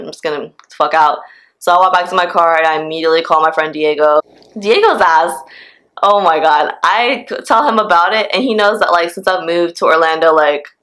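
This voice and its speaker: A woman in her twenties telling a storytime vlog, in a casual, profane and animated way. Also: low-pitched. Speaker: vlogger.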